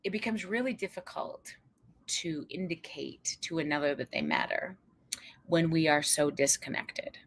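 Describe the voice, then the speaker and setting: A woman psychologist giving a lively keynote talk to parents, telling stories with humorous asides and acting out quoted voices. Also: deep voice, measured pace. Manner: conversational, checks in with the audience.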